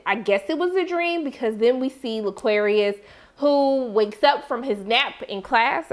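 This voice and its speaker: A young woman reviewing a TV episode in a casual, animated chat, jumping into excited exclamations as she reacts. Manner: animated, expressive, swings into high excited exclamations. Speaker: TV recap reviewer.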